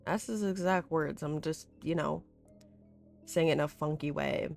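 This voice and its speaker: Woman vlogger, deep for her sex, unhurried, casual and chatty, faint music behind. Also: creaky, a little mellow. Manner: chatty and rambling, full of "like", with laughs and swearing. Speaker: vlogger recapping a horror series. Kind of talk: casual chat.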